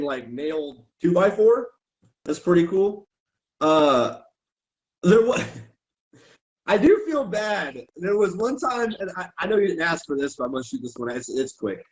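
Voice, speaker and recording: A man's voice: a little high, poor audio. A man who used to wrestle and referee, telling stories on a podcast in a casual, profane way and acting out what people said. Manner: profane, animated storyteller who acts out quotes.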